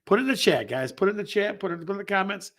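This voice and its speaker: Guy hosting a live real estate show, high voice, pretty bright, chatty, keeps repeating himself. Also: animated, racing. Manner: upbeat, repeats phrases, reads chat comments aloud. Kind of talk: casual live-stream chat.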